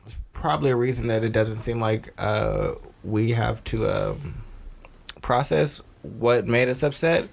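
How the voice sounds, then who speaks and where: A man's voice: medium pitch, expressive, measured pace, vocal fry. Laughing, emphatic man chatting. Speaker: podcast co-host. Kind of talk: casual chat.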